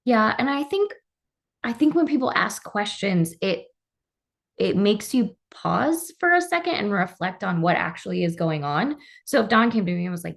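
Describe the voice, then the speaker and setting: A woman's voice: medium pitch, big pitch swings, unhurried, creaky, a bit bright. A woman co-hosting a workplace podcast, talking reflectively and thinking aloud as she explains. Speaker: podcast co-host. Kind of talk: casual podcast discussion.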